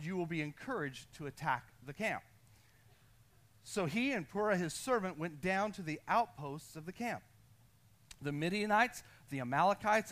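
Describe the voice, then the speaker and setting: An American man preaching as a pastor, telling a personal story with restless energy and calling on the congregation to answer. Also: sits high. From United States. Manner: energetic, restless, self-deprecating, calls on the congregation. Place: church sanctuary.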